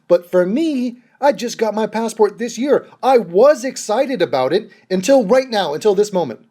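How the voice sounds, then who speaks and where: A man's voice: high voice, expressive, normal speed, hardly any pauses, warm tone. A young man hosting a reaction video, mocking a clip with sarcastic, swear-filled commentary.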